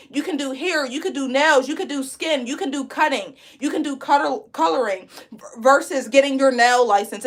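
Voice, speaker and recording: A woman, teaching a live braiding class in a loud, chatty, encouraging way. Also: sits high. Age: 20s. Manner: chatty, encouraging, reads comments aloud. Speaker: braid instructor.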